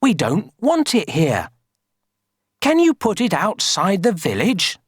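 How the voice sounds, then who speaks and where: A woman reading aloud, voicing a crowd of cross villagers who shout in high, drawn-out voices. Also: wildly swooping pitch, husky, dry recording, clean studio sound, exaggerated voice. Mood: pleading.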